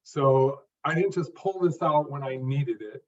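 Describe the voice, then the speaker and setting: This older man, 50s or up, is a stuttering coach appearing as a guest, answering an interview question about how he learned to speak and describing his method. He talks in distinct phrases, stressing a word near the end of each, with an unhurried, mid-range voice. The mic is distant and the recording muffled.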